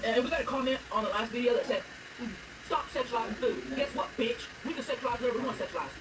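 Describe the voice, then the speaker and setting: A man's voice: extremely high pitch, rapid-fire. A man with a Southern US accent chatting bluntly while eating, humming between bites and swearing casually. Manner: blunt, swearing, lots of chewing hums. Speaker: food vlogger. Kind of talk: casual mukbang chat. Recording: roomy, distant mic, background noise.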